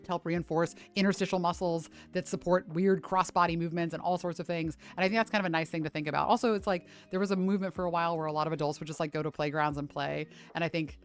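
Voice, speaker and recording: A woman's voice: lowish voice, fairly even intonation, quick pace, few pauses, faint music behind. A woman fitness streamer chatting casually on a livestream, swearing freely and ranting with lots of "like".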